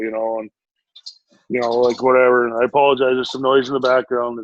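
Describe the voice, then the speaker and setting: A man's voice: mid-range voice, flat delivery, quick pace, no echo, muffled recording. A man in his forties, a guest, telling stories in a rambling, casual way at home with frequent laughs. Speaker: guest, former pro hockey player. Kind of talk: casual storytelling. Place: home, family nearby.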